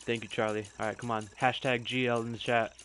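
A man's voice: medium pitch, level tone, quick pace, fairly bright tone, slight background noise. A young man doing live stream commentary, chatting directly to his viewers.

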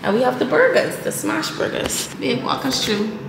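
A chatty, playful woman hosting her own home vlog and tossing out little exclamations. Her voice rings around a roomy, echoey kitchen, with steady noise in the background. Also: fairly high pitch, moderate pace, creaky. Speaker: lifestyle vlogger. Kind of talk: casual vlog chat.

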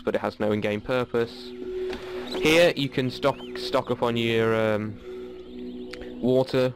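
A man's voice: medium pitch, background noise. Guy rambling through a game, lots of ums, jungle game sounds behind. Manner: chatty, rambling with many fillers. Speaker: gaming channel host. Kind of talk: casual let's play commentary. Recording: game audio under the voice.

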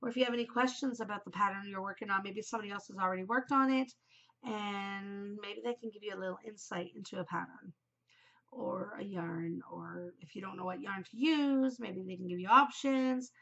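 A woman's voice: mid-range voice, brisk, creaky, a bit bright, dull audio. A woman in her forties hosting a knitting podcast in an upbeat, chatty way, her nose a bit stuffed from a cold. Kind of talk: casual chat.

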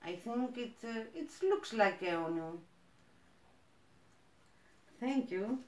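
A woman from Greece with a Greek accent, chatting as she unboxes plants, gushing and halting with fillers. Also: fairly high pitch, animated, darkish tone, reverberant. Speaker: plant vlogger. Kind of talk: casual unboxing chat.

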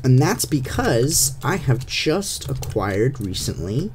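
There's slight background noise as a young gamer narrates his play in a casual, playful way, chatting to the monsters. He takes it slowly, yet his mid-range voice is very animated; he records on a desktop USB mic.

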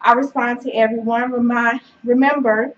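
A woman's voice: a little high, fairly even intonation, normal speed. A woman giving a casual, encouraging fitness vlog to camera, chatty and full of fillers, sometimes out of breath. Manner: chatty and encouraging, many fillers, says y'all and child. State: out of breath at times. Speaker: fitness vlogger. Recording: dull, faint noise, mic away from speaker.

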